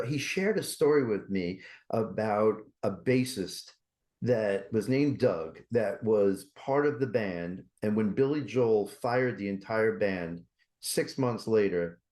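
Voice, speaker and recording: Man, lowish voice, energetic podcast guest, rhetorical questions. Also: slow pace. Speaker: guest, mental health campaign creator. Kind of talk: podcast interview.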